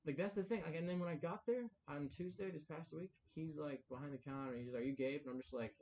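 A man's voice: on the high side, quick pace, darkish tone, dull audio. A young man telling a long story in casual podcast chat, rambling, with many "like"s and acted-out quotes. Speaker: podcast co-host.

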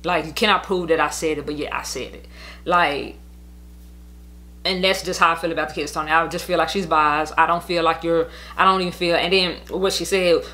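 Heated, bright-voiced woman venting. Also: sits low, fairly even intonation, a little fast. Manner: rambling, profane, heated, with many "like" fillers. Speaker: podcast host telling her own story. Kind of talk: casual venting monologue.

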